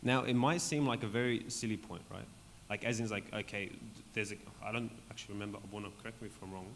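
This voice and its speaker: A man leading a Bible study for a group in a church hall, talking conversationally and often checking in with "right?", his voice going hoarse. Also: fairly low pitch, fairly even intonation, fast. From Australia. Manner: conversational, keeps asking "right?". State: voice going hoarse, clearing throat. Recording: long hall reverb, faint background noise.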